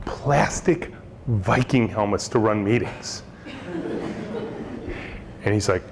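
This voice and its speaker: Animated man telling stories in a hall. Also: lowish voice, normal speed. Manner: animated storyteller acting out dialogue voices. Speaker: company CEO giving a talk to students. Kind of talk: storytelling keynote talk. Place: lecture hall with audience. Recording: long hall reverb, faint noise.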